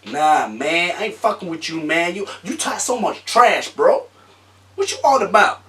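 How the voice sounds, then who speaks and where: A man's voice: high-pitched, big pitch swings, moderate pace, sharp tone, recorded from a distance, exaggerated voice. A young man putting on a mock American accent to play a brash, confrontational street guy with swaggering slang.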